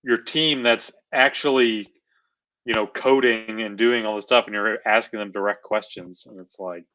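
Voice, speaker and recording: A man co-hosting a live basketball watch-along, talking in a relaxed, filler-heavy way. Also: on the low side, normal speed, lo-fi sound. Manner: laid-back, drops his voice, many fillers. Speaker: co-host. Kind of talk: casual watch-along chat.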